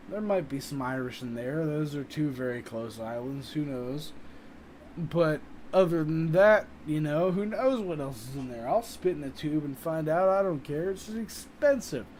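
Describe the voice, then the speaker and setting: A man chatting casually on a live stream, reading viewer comments in a rambling, profane, animated way. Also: a little high, slight background noise, rough recording. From United States.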